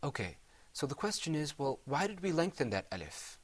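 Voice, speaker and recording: A man's voice: on the high side, very animated, a little fast. A middle-aged man teaching Quran recitation in a televised lesson, patiently explaining step by step and chanting Arabic examples.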